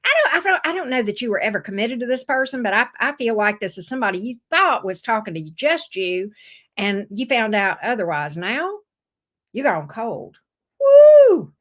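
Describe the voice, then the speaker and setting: A woman talks through a tarot reading in a loose, chatty way. Her voice sits a bit high and swings widely up and down as she acts out the viewer's side. She swears freely and keeps the energy animated. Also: normal speed. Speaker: tarot reader. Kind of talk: casual tarot reading to camera.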